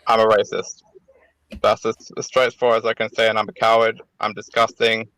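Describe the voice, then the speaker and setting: Flat, subdued low-voiced man. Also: quick pace, a little hiss or hum, rough recording. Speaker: accused guest.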